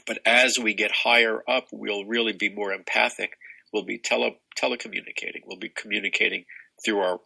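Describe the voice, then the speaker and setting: A man's voice: fairly low pitch, fairly even intonation, fairly quick, gravelly, sharp tone, husky, poor audio. An older man talking as a spiritual teacher guest in an expansive, rambling way, with many restarts. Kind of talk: casual spiritual conversation.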